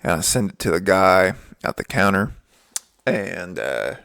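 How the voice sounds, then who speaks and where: Gravelly low-voiced young man rambling. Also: animated, a little slow, a bit bright. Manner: profane, ranting, laid-back drawl. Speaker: podcast host. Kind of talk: casual storytelling monologue.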